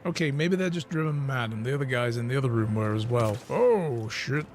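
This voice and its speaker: A man streaming a video game, reacting excitedly and reading in-game text aloud. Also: medium pitch, fairly quick, faint music behind. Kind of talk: let's play commentary.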